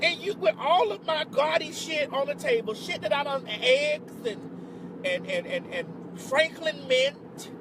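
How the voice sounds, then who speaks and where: A woman's voice: high voice, animated, measured pace, noisy background. A woman telling a dramatic storytime on her vlog, sassy and profane, with bursts of exclamation. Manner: exclamatory outbursts of disbelief. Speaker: vlogger.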